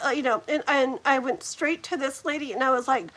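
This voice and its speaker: A middle-aged woman with a high-pitched voice tells a story on her live stream. Her talk is casual and animated, full of laughter and "like". She acts out the people in her story as she goes. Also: fairly quick, few pauses. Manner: animated, laughing often, heavy use of "like". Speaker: host of a live challenge stream.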